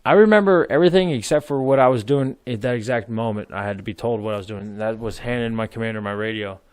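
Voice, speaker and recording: A man's voice: mid-range voice, quick pace, dry recording. Rambling, cursing male veteran storyteller. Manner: rambling, laughs while telling stories, swears freely. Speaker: podcast guest, military veteran. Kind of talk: casual storytelling.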